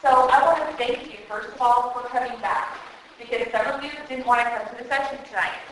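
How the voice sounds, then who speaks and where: A woman's voice: on the high side, brisk, slight background noise. A woman preaching at a women's conference, earnest and emotional, speaking straight to her audience through a microphone. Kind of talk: sermon. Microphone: handheld microphone. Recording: very echoey hall.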